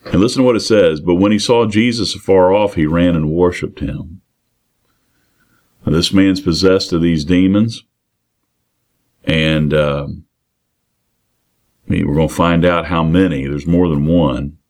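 A man's voice: low-pitched, fairly even intonation, unhurried, long pauses, a little mellow. A man preaching an expository sermon. He talks earnestly and plainly, reading scripture aloud, then repeating and restarting phrases as he explains it.

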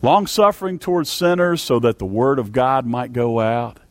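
A man preaching a sermon to a church congregation, fervent, with big swings in pitch and loudness. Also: moderate pace, no room sound. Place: church service.

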